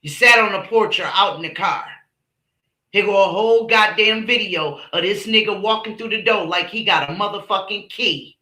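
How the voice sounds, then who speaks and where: Heated, profane woman commentator, bright voice. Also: mid-range voice, moderate pace, reverberant. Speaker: channel host, commentator. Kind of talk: ranting livestream commentary.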